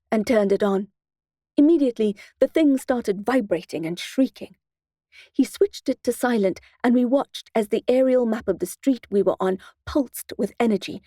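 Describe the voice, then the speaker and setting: Wry woman narrator for a first-person audiobook, mellow tone, dead-dry booth sound. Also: fairly high pitch, no echo.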